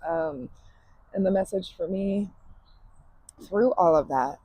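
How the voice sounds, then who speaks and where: A woman's voice: sits low, warm tone, breathy edge, dry recording, rough recording. A woman hosting a podcast monologue outdoors in her backyard, speaking candidly and emphatically, swearing freely and laughing often. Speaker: podcast host.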